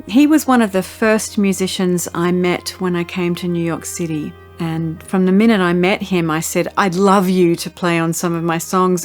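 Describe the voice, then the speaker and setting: Singer lady, lowish voice, telling her story all heartfelt, faint music behind. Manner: earnest, grateful, heartfelt storytelling. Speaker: singer-songwriter. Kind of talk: reflective promo narration.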